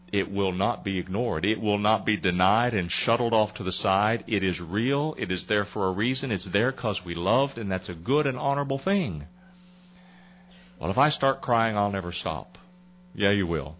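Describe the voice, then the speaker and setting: A middle-aged man speaks earnestly at a memorial gathering in a low voice. He repeats his key phrases and acts out little dialogues. The recording is dull and lo-fi. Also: moderate pace, a bit bright. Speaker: grief counselor speaking at a memorial service. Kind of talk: sermon-like talk.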